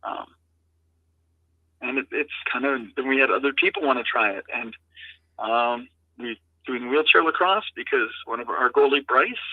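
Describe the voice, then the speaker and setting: A middle-aged man, a program founder, telling heartfelt stories in an interview, halting and earnest. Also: mid-range voice, dry recording. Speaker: guest, founder of an adaptive lacrosse program. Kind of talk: interview storytelling. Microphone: remote call-in. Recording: tinny phone line, dry.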